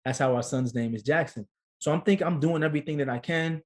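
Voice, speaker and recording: A man's voice: fairly high pitch, quick pace. A man in his thirties, a guest on an interview, telling a personal story casually and acting out the voices of the people in it. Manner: animated storyteller, acts out quotes. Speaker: guest, actor and father.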